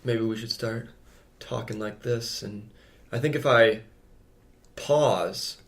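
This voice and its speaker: A man's voice: mid-range voice, slow. Laid-back rambling man, podcast co-host. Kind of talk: casual chat.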